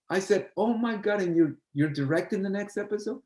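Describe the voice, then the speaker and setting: An older man with a fairly high voice tells a long story in a relaxed chat. He acts out every voice in it, lively and expressive. The room around him is echoey. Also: a little fast. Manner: animated, acts out both sides of remembered dialogue. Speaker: guest, choreographer and dancer.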